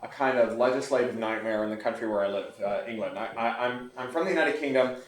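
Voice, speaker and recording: A man in his forties talks about his novel at a bookstore, fast and articulate. He sits at a middle pitch and races through his explanations. The recording is roomy, with his voice caught from a distance. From Canada. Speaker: author. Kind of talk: book talk at a bookstore event. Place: bookstore event room. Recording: echoey room recorded from far off.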